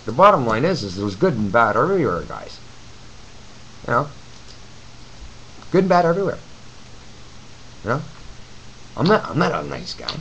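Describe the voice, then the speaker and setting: A man's voice: a little high, fairly bright tone, a little hiss or hum, low-quality recording. A man giving a blunt, profane, rambling webcam rant to his viewers from his apartment. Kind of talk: ranting webcam video reply. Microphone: camcorder mic.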